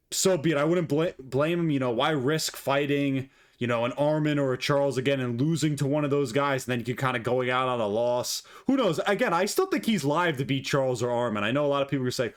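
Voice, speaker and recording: A man hosting his own channel, giving blunt, profane, opinionated fight commentary. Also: mid-range voice. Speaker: MMA commentator, channel host. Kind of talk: casual ranting commentary.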